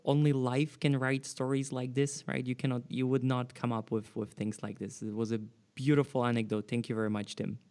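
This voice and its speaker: Lively male podcast host. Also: mid-range voice, a little fast, few pauses, smooth. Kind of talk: casual interview chat.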